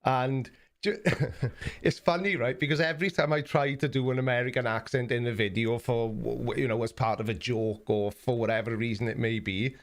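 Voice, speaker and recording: A man's voice: mid-range voice, steady tone, normal speed. A man from South Wales with a South Welsh accent, hosting a casual live stream and reading out viewer messages. He rambles and stumbles over repeated words, speaking bluntly and mockingly. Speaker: YouTube live stream host.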